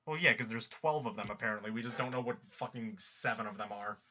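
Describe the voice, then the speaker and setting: A man's voice: medium pitch, quick pace, pushed and bright, dull audio, a little hiss or hum. A man chatting casually with friends on a live stream, teasing and sarcastic, sometimes reading story narration aloud.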